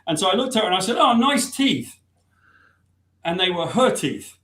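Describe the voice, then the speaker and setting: A man's voice: sits high, animated, very fast, a bit bright, reverberant. A man, a guest comic book writer, telling a long self-deprecating anecdote with laughs. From Britain.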